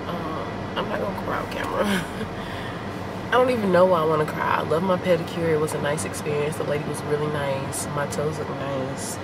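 A woman's voice: low-pitched, steady tone, normal speed. Candid woman vlogging in a noisy car. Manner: candid, rambling, talks straight to viewers. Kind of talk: casual self-filmed vlog chat. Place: inside a car.

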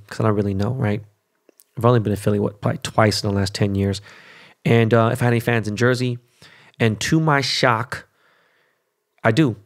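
A middle-aged podcast host from Los Angeles with a gravelly, fry-edged voice. He talks bluntly and swears freely, breaking into animated rants in a loose, casual monologue. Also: on the low side.

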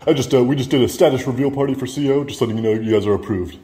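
A man's voice: medium pitch, racing, warm tone. A man filming in a public building, talking to officials in a sarcastic, mock-official, joking way. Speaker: first amendment auditor.

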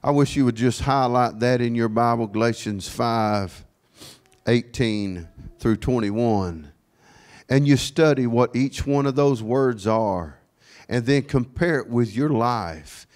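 A man preaching a sermon in a church, sprinkling his talk with amen and praise God, swinging from quiet asides to raised, ringing declarations. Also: medium pitch, slow. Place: church sanctuary.

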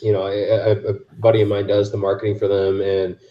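A man's voice: fairly low pitch, monotone, a little fast, echoey room, highs cut off. A man talking casually on a podcast, explaining gear with lots of fillers and restarts. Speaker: podcast host. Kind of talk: casual chat.

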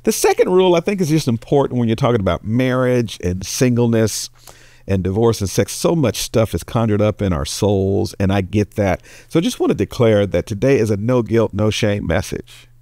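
A man's voice: normal speed, no room sound. A male pastor giving a sermon, telling jokes and storytelling with big jumps in his voice. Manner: animated storytelling, voice jumps high for characters.

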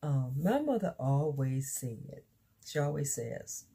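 A chatty woman, talking slowly in a low, husky voice. Her tone is dark and mellow, and she halts often with fillers as she shows off her gifts on a phone camera. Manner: chatty, excitable, halting with fillers. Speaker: beauty vlogger. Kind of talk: casual unboxing vlog.

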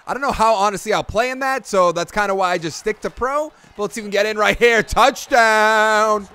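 A young man giving let's play commentary on a football video game, excitable, yelling at plays and then grumbling about them. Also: high voice, brisk, smooth. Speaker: gaming YouTuber.

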